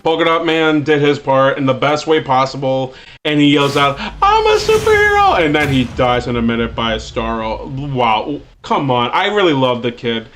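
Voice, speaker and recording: A man streaming a video game, talking haltingly with many fillers and shouting out at the game now and then. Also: medium pitch. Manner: bursts into excited shouts at the game. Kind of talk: livestream gameplay chat. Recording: game music playing loudly behind. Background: game music.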